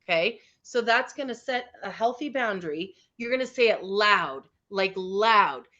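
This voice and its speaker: A woman's voice: medium pitch, animated, measured pace, sharp tone. Encouraging woman teacher on a call. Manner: upbeat and encouraging, often checking in with the group. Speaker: teacher leading a teen workshop. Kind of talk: interactive online lesson. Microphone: video call. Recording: slightly dull online call audio.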